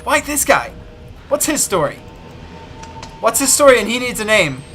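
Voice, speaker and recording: A man's voice: extremely high pitch, big pitch swings, normal speed, a bit bright. A man commentating a horror game, muttering and swearing nervously to himself. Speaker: let's play gamer. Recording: game music behind voice.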